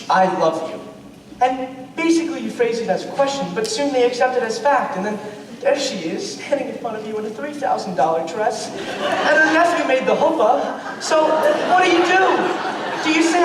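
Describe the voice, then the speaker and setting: A man on stage playing a chatty, lonely musical-theatre fan who rambles in confiding asides. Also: extremely high pitch. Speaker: narrator character. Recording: echoey hall from far off, noisy.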